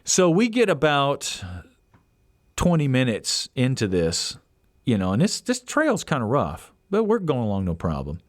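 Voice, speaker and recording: Lively man telling a story. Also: mid-range voice, measured pace, no echo, studio quality. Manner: animated, acts out quoted voices. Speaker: podcast host. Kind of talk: casual storytelling.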